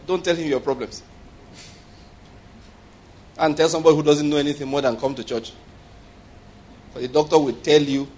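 A man's voice: mid-range voice, darkish tone, husky. A man preaching a sermon with humor, often laughing and calling for responses from the congregation.

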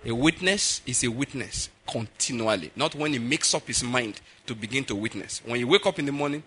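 A man preaching a sermon in an animated way, acting out voices and laughing at his own jokes. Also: medium pitch, brisk, slight background noise.

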